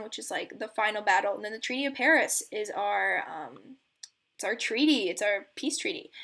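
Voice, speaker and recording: A woman's voice: a little high, fairly bright tone. A young woman giving a casual history explainer as a student presenter, chatty and filler-heavy with frequent ums and likes, and giggly asides.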